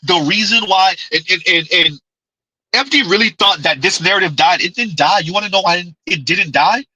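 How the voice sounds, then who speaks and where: Hosting a commentary livestream, a man talks emphatically, repeats himself, and sometimes refers to himself by name in the third person. His high voice is bright, forceful and husky at a normal speed, on a low-quality recording with no room sound.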